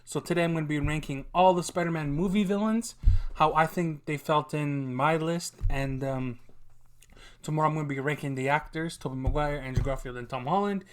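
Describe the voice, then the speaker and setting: A man hosting a casual opinion vlog, chatty and opinionated, with bursts of loud frustration. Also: on the high side, a little fast. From Canada. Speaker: vlogger ranking movie villains.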